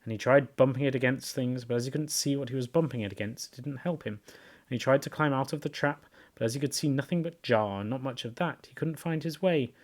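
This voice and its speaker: A man reading a children's storybook aloud, with expressive, lively storytelling. His voice sits at an ordinary middle pitch for a man. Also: fairly quick. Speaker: reader, show host.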